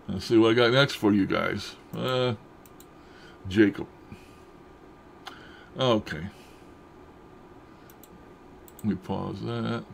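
A man's voice: mid-range voice, gravelly, a bit bright. A man chatting casually to camera at home about odd happenings. He speaks in a rambling, folksy way with loose grammar and frequent chuckles. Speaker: paranormal vlogger.

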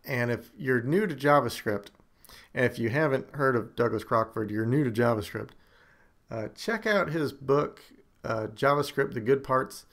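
Man, gravelly, casual screencast talk, wry, self-deprecating. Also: medium pitch, expressive, normal speed, a bit bright. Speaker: screencast host.

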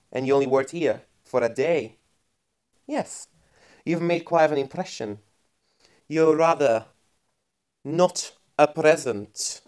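A woman playing a smooth, threatening male restaurant boss in a comic sketch, coaxing slowly and then making threats. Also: sits low, a little mellow. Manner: slow, creepy coaxing turning to threats.

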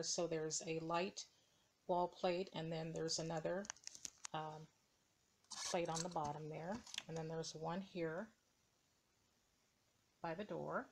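A woman's voice: deep voice, level tone, slow pace, pauses often, a little hiss or hum. A woman showing her dollhouse rooms in a casual, hesitant narration full of ums and uhs, filmed indoors on a camera mic. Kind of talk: casual show-and-tell narration. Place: indoors beside a dollhouse, camera moved by hand.

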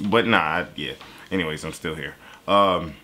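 A man in his twenties giving loose, profane, animated commentary as a reaction video host. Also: sits low, takes it slowly, heavy background noise.

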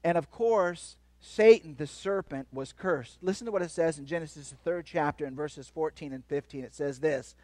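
A man giving a lively, playful sermon as a guest speaker, joking with the crowd and swinging between loud and soft. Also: a little high, normal speed, few pauses, no room sound. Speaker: guest speaker at a church kids' event. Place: church hall.

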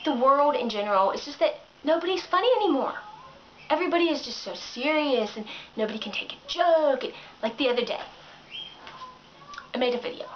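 A woman's voice: sits high, expressive, a little fast, lo-fi sound, a little hiss or hum. A woman vlogger ranting sarcastically into the camera in a casual way, with plenty of filler words.

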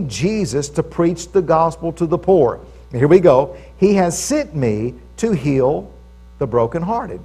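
A man's voice: fairly high pitch, a little mellow. A man preaching a sermon in a conversational way at a church service, stressing key phrases and asking the audience for agreement.

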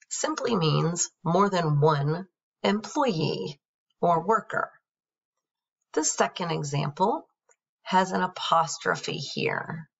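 A woman's voice: fairly low pitch, vocal fry. A woman teacher patiently going over a grammar worksheet, spelling words out letter by letter. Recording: dull, distant screen-recorded audio.

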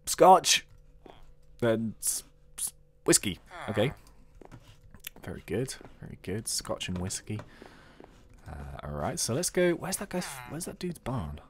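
Excitable man narrating gameplay. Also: fairly low pitch, unhurried, long pauses. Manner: excitable, chatty, thinking aloud. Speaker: gaming video host. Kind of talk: let's play commentary.

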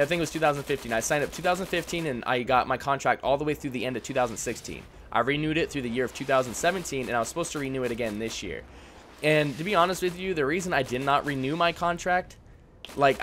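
A young man rants casually into the camera, swearing often and circling back with lots of "like"s. His voice sits at an ordinary middle pitch, with a faint hiss in the background. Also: fairly bright tone. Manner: frustrated, profane, rambling with many "like"s. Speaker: YouTube airsoft channel host. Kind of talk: casual Q&A vlog rant.

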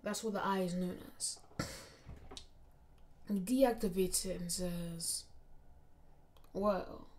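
A woman's voice: on the low side, fairly even intonation, slow, long pauses, darkish tone. Woman narrating a fan story. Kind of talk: reading a fan fiction story.

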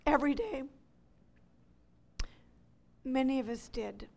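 High-voiced woman giving an impassioned testimony. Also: slow pace, gravelly. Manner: animated, swings between loud cries and hushed near-whispers. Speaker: ministry leader giving a testimony. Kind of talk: emotional testimony talk to an audience.

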